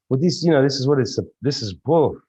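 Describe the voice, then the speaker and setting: A man hosting a live video call, chatting casually, emotional and laughing often, restarting his sentences. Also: mid-range voice. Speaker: host of a live online meeting. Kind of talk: casual live-stream chat. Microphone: computer video call.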